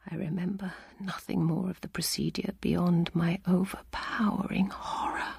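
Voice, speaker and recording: A woman giving a dramatic first-person story reading in a hushed, half-whispered delivery. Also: fairly low pitch, steady tone, normal speed, creaky, hardly any pauses, breathy edge, dry recording, clean studio sound. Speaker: audiobook reader.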